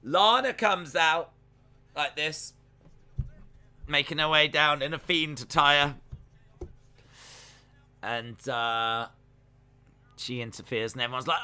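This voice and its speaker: Young man, live-stream reaction host, casual and jokey, very bright sharp voice. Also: medium pitch, a little slow, pauses often, clean tone. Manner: chatty, jokey, talks to chat while watching. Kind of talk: casual live reaction commentary, reading chat.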